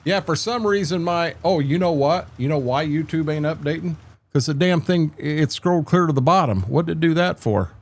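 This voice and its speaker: A man's voice: fairly high pitch, fairly quick. An older man chatting casually with viewers while streaming a farming game, laid-back and rambling, repeating words and filling gaps with "uh".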